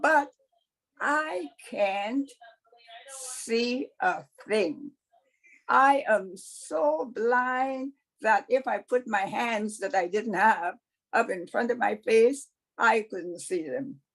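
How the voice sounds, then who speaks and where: A woman's voice: a little high, full character voice, rough recording. A woman storyteller voicing a blind male snake who complains about his lot in a folktale. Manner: complaining, self-pitying.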